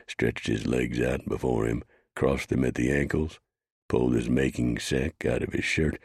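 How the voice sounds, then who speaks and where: A man reading a western audiobook in measured scripted narration. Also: a bass voice, vocal fry, a little mellow, slightly rough, no room sound, clean studio sound.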